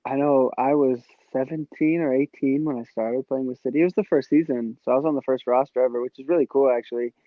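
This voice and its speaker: A man's voice: mid-range voice, fairly even intonation, quick pace, few pauses, no echo. A man in his twenties, a podcast guest and former player, chatting casually and laughing often, with many fillers. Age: 20s. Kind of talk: casual chat. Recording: dry, dull lo-fi podcast audio.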